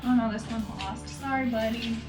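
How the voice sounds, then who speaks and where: A woman's voice: on the high side, steady tone, normal speed, roomy sound, over music. A woman co-hosting a podcast in a casual, playful chat, giggling and putting on a jokey announcer voice. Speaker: podcast co-host.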